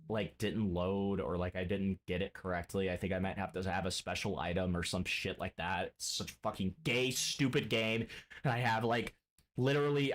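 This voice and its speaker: A man streaming games, swearing and ranting in a mock-angry way at his chat and friends. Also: on the low side. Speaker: game streamer. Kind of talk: casual live-stream chat.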